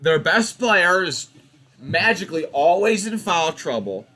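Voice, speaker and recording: Animated young man ranting over a game. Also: high voice, a little slow. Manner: animated, exasperated ranting about refs. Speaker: watch party host. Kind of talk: casual live game commentary.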